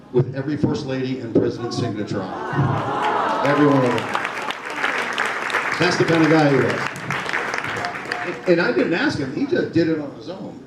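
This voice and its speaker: An older man, a former Secret Service agent, telling chatty stories to a meeting and laughing through them. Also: mid-range voice. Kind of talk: anecdotal talk to a meeting. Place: meeting room. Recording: echoey room, distant mic, noisy.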